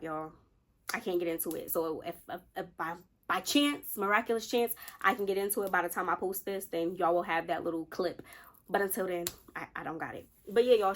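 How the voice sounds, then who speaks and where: A woman in her late twenties telling a college story to her viewers in a casual, animated way, calling them y'all and acting out what people said. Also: mid-range voice. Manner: animated, addresses viewers as y'all, acts out quotes. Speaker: storytime vlogger.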